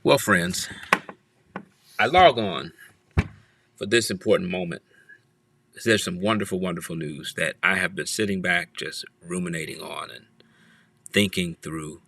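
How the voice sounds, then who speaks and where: A man's voice: deep voice, a little slow, vocal fry, long pauses, a bit bright, dry recording. A man hosting a church livestream, greeting viewers one by one and playfully teasing them from his office. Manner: playful, teasing, repeats phrases.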